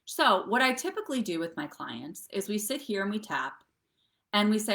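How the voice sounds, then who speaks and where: A woman's voice: medium pitch, big pitch swings, normal speed, a bit bright. A middle-aged woman coaching viewers through breathwork and tapping on a live stream, chatty and often checking in with "okay?" and "right?". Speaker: wellness coach.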